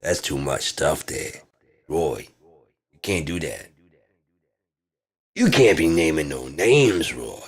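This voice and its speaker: A man delivering a rambling comedic monologue in laid-back rocker slang, drawling and swinging from loud bursts to mumbles. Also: a bass voice, very animated, slow pace, long pauses, breathy edge.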